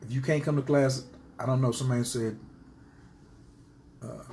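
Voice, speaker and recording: A man's voice: mid-range voice, fairly even intonation, moderate pace, dark tone, a little hiss or hum. A man teaching astrology to his viewers in a casual live stream, speaking passionately and emphatically and driving his points home by repeating them.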